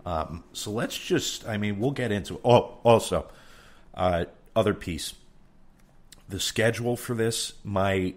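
A man's voice: fairly low pitch, takes it slowly. A man from New York with a New York accent, hosting a podcast in a candid, rambling monologue and cursing freely. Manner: frank and rambling, with frequent cursing. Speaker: podcast host.

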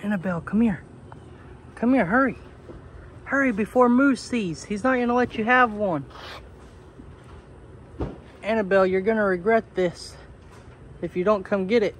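A man talking casually to his goats on a homestead, coaxing and scolding them playfully, his voice jumping high when he is exasperated. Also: normal speed, pauses often, slight background noise. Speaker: homesteader vlogger. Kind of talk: casual talk to farm animals. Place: outdoors on a homestead among goats and animals.

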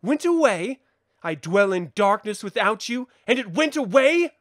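A man's voice: sits high, sing-song, measured pace, fairly bright tone, no echo, clean studio sound, full character voice. A man doing a cocky wry swordsman.

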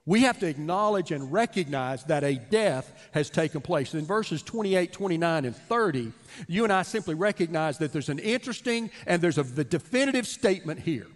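A man's voice: a little high, lively intonation, moderate pace. A man pastor reading scripture and preaching a sermon in a church, earnest and emphatic. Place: church sanctuary. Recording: long hall reverb.

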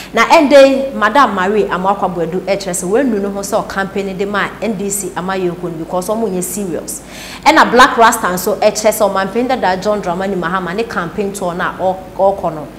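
A woman with a Ghanaian accent presenting news for an online channel, mostly in Twi with English terms, brisk in manner. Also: medium pitch, reverberant, slight background noise.

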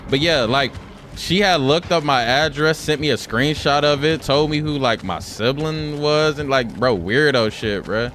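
A man's voice: on the high side, unhurried, fairly bright tone, a little hiss or hum. A man streaming a game, telling stories in a loose, profane way and calling everyone "bro". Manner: loose, profane storytelling, says "bro" a lot. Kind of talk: casual gaming commentary.

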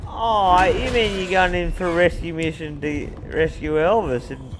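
A man playing a co-op game, excitable, swinging from muttering to yelling. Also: fairly high pitch, normal speed. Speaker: gamer. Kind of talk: casual co-op gaming chat.

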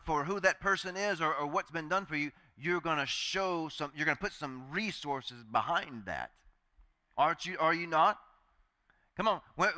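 A man's voice: on the high side, pushed and bright. A male pastor preaching a sermon in a chatty, joking way, acting out the voices he quotes.

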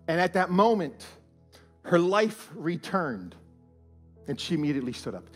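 A man, a pastor, preaching a sermon in a church, animated and swinging from hushed tones to loud emphasis. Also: on the high side, normal speed, pauses often, soft background music. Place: church auditorium.

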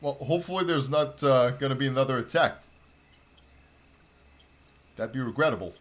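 A man reacting to an animation on his channel, excitable and gushing, with loud outbursts. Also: medium pitch, moderate pace. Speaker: video reactor.

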